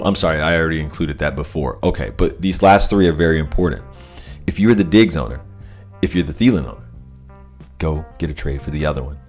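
A man's voice: low-pitched, a little mellow. A man hosting a solo fantasy football podcast, talking straight to listeners with hyped, coaching energy. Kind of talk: casual solo podcast advice.

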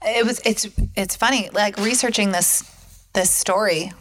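A woman's voice: medium pitch, unhurried, a bit bright. A woman co-hosting a podcast, chatting casually about a true-crime case, rambling with many fillers and joking often. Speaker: podcast co-host.

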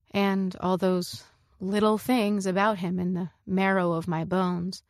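A woman narrating a science fiction story in the first person, in a measured, reflective way. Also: mid-range voice, dry recording, clean studio sound. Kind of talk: scripted narration.

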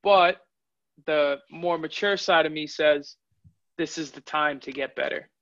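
A man's voice: fairly high pitch, unhurried, a bit bright, no echo. A man in his twenties, a fighter, telling his story candidly in an interview. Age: 20s. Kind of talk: interview answers. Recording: dull lo-fi audio.

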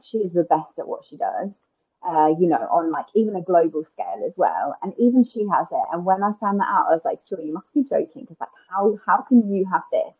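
A woman's voice: lowish voice, breathy edge, lo-fi sound. A woman, a guest on a casual podcast interview, chatting openly with many "like" and "um" fillers. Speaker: guest, wedding planner.

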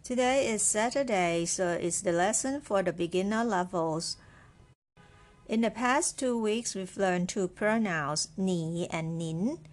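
Slow, patient Chinese woman teaching. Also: medium pitch, faint music behind. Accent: Mandarin Chinese. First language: Mandarin Chinese. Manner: patient, repeats words slowly for learners. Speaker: Chinese language teacher, podcast host. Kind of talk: slow, clear podcast language lesson.

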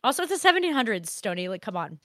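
A woman co-hosting a casual podcast, reading history aloud with animated, profane, laughing banter. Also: fairly high pitch, racing, no echo, clean studio sound. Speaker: podcast co-host.

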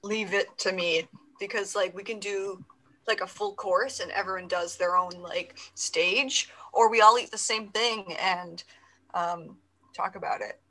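Woman co-host, bright voice, jokey and casual. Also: mid-range voice, unhurried, low-quality recording. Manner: joking, talks while eating. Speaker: podcast co-host. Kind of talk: casual chat.

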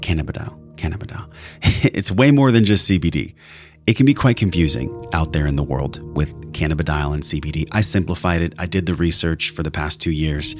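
A man with a raspy, hoarse voice from a sinus infection, hosting a podcast and reading ads with enthusiastic, playful talk straight to his listeners. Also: low voice. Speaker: podcast host. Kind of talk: podcast intro and ad reads.

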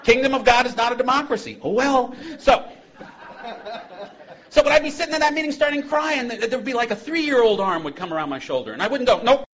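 A man speaking at a recovery convention, joking and animated, moving between loud bursts and hushed passages. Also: very high-pitched, brisk. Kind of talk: humorous personal talk to a live audience. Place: convention hall. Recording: dull lo-fi live talk recording.

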